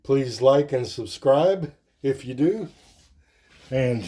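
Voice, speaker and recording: A man hosting a comic book show, chatting casually in a relaxed, rambling way with many fillers. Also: medium pitch, takes it slowly. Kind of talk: casual show-and-tell chat.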